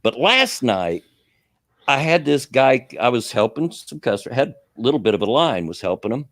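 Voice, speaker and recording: A man's voice: medium pitch, sing-song, normal speed, fairly bright tone, dry recording, studio quality. A man hosting a radio show, telling a rambling story in casual chat, chuckling often and full of fillers.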